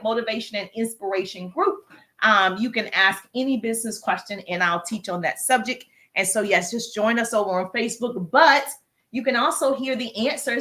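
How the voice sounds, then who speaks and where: Woman, Southern accent, bubbly livestream host, slightly high voice, chatty, walking on a treadmill. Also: sharp tone. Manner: upbeat, hypes viewers, greets chat by name. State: getting over a cough. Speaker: livestream host, business coach. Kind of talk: live stream Q&A chat.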